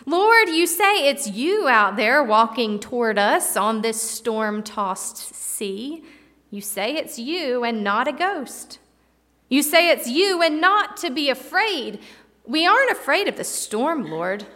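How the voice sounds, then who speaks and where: A woman's voice: high-pitched, a bit bright, exaggerated voice. A woman acting out a bold male fisherman disciple who earnestly begs to be called out onto a stormy sea. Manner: earnest, pleading. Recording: long hall reverb.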